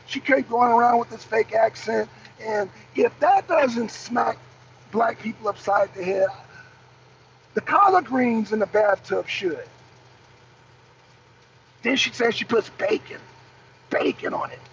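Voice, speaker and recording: A woman's voice: on the high side, creaky. A woman hosting a political livestream, pressing the same questions again and again and answering viewers in the chat. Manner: emphatic, repeats rhetorical questions. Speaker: host. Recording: dull lo-fi stream audio with faint noise.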